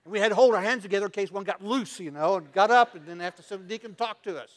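A man preaching a sermon as pastor, telling stories and swinging from loud to quiet. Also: high voice, fast.

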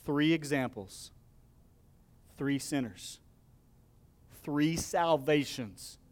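A man preaching a sermon, reading scripture with acted-out dialogue and dropping to a soft, low voice to close his points. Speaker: pastor.

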